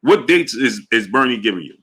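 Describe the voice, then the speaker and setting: A man hosting a boxing livestream, talking casually to his chat in an animated, emphatic way, often repeating himself. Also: mid-range voice, a little fast. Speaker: boxing show host.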